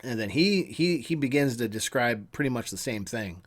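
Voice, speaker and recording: A man in his thirties tells a personal story in an earnest, halting way, with an ordinary mid-range pitch. He often sinks into a hushed, low tone and then picks up again. His delivery is casual and unscripted. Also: expressive. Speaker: channel host.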